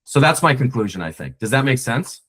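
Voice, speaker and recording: A man's voice: medium pitch, big pitch swings, brisk, a bit bright. A man talking as a podcast guest, a screenwriter, reflective and rambling with many restarts. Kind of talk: casual conversation.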